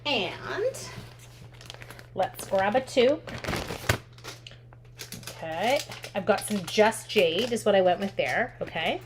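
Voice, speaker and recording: A woman's voice: mid-range voice, slow pace, long pauses. Chatty woman demoing stamping. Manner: chatty and upbeat, thinks aloud, reads viewer comments. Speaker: craft instructor and live stream host. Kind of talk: live stamping demo, chatting with viewers. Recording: steady background noise with clicks.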